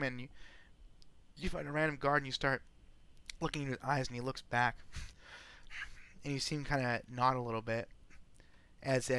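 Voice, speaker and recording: A man narrating a tabletop role-playing game as game master, describing scenes in a lively way. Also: mid-range voice, clear, resonant tone.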